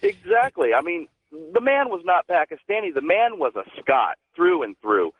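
Animated male caller on a phone line. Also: high voice, moderate pace. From Texas. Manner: animated, earnest storyteller. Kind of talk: call-in storytelling.

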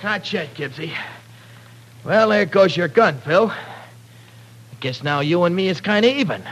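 A cocky gravelly street punk. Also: male voice, high-pitched, animated, a little slow, fairly bright tone, exaggerated voice. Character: scrappy young tough guy, wiry and cocky. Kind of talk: 1940s radio acting. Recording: old radio recording with faint hiss.

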